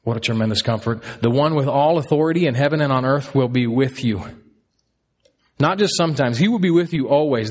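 A man in his thirties delivers a sermon with earnest conviction. His voice sits at a middle pitch. He repeats key lines to drive them home. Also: a little mellow. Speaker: pastor.

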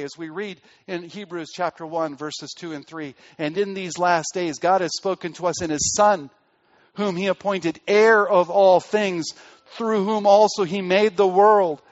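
A man preaching a sermon as pastor, pressing hard on key words and then dropping his voice low and quiet. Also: steady tone, a little slow, dull audio.

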